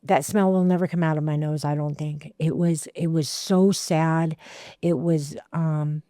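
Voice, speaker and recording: A woman, telling her recovery story in a halting way with repeated words and fillers. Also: low voice, steady tone, warm tone, no room sound, clean studio sound. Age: 60s. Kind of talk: heartfelt personal testimony.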